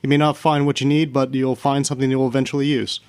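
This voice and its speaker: A man's voice: medium pitch, flat delivery, quick pace, darkish tone, clear, resonant tone, no echo. Man, casual podcast guest, easygoing filler-heavy talk, dry close mic. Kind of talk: casual chat.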